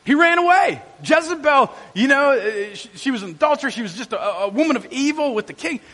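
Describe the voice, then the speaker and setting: A middle-aged male pastor preaching a lively sermon in a church auditorium, quizzing and joking with the congregation. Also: extremely high pitch, quick pace. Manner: energetic, jokey, quizzes the congregation. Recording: long church hall reverb.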